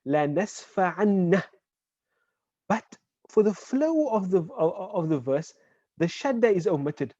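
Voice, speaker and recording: A man teaching an online Arabic class. He explains patiently, checks in with "right?" and says example words slowly. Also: high voice, very animated, dark tone, no room sound. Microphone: video call. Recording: dull, dry online call audio.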